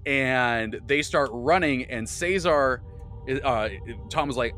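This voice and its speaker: A man hosting a podcast, recapping a tabletop game he ran, animated and swearing freely. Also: mid-range voice, slow pace, faint music behind. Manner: animated, swearing, frequent laughter. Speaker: podcast host and game master.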